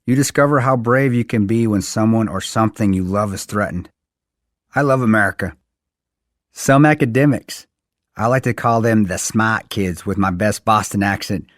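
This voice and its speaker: Low-voiced man reading his memoir. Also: fairly quick, a bit bright, no echo, studio quality. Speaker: author reading his book. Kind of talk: audiobook-style reading.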